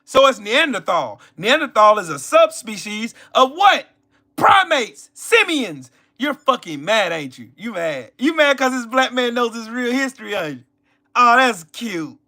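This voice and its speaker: A man rants at his viewers on a live stream. His voice sits high and cuts through bright and forceful. He mocks and taunts, repeating lines over and over. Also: big pitch swings, normal speed, few pauses. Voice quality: loud, confrontational, mocking. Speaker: livestream host. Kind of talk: live-stream political rant.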